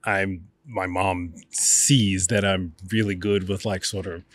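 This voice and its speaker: Lively New man telling stories. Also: low voice, slow, no echo, studio quality. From New York. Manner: lively, acts out quotes. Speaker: guest, actor. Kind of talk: animated storytelling.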